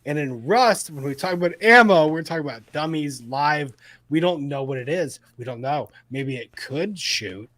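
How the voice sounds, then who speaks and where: A man's voice: on the high side, lively intonation, normal speed, a bit bright, no room sound. A male host in casual chat, ranting with exasperation and heavy swearing.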